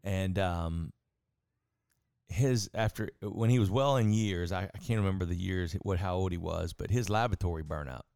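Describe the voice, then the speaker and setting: A man's voice: deep voice, normal speed, creaky, smooth, no echo, clean studio sound. A man who is a pastor, telling folksy stories in a casual sermon-like talk before an audience. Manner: folksy storyteller, animated quoting.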